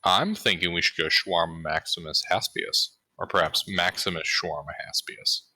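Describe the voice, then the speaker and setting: A man's voice: sits low, moderate pace, pushed and bright, no room sound. A man playing a tabletop game, playful and stumbling over his words. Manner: playful, hesitant, restarting words. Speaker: player. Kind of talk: casual tabletop play.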